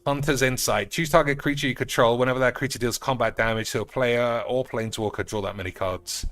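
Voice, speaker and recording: Talking quickly in a mid-range voice, a man casually remarks on cards during a game stream. He's sarcastic and crude, swears a lot and breaks into loud outbursts, and the recording has no room sound.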